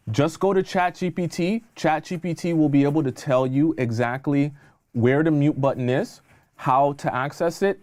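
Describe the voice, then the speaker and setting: A man's voice: medium pitch, a little mellow. Man, dating coach, livestream advice, emphatic, repeats himself, mid-range voice. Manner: emphatic, repeats points, checks in with "okay?".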